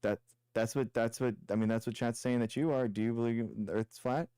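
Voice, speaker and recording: A man's voice: medium pitch, fairly even intonation, fairly quick, warm tone, smooth, no echo. A young man hosting a live stream, arguing with a caller in a combative, mocking way and repeating taunts. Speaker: show host debating callers. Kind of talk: heated live-stream debate.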